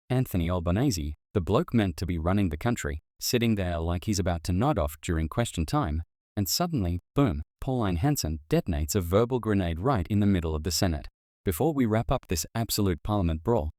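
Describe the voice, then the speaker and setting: A man's voice: deep voice, a little mellow, no echo, clean studio sound. A man with an Australian accent giving brash, slangy, jokey scripted narration for a commentary channel.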